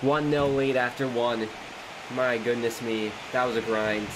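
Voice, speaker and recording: A man hosting a gaming channel, commentating his own match with excitable outbursts at big moments. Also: medium pitch, a little slow. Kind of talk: live gameplay commentary. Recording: noisy background hum.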